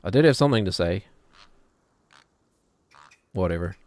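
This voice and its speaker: A man's voice: fairly low pitch, animated, moderate pace, dry recording. Rambling jokey New man streamer. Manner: rambling, jokey, drifts into put-on British voices. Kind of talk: casual gameplay chatter.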